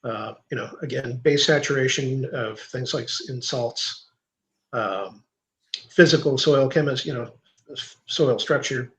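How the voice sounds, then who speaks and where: A man as a guest in an interview, explaining soil science in a measured way, thinking aloud with fillers and restarts. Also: mid-range voice, a bit bright. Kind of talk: technical interview answer.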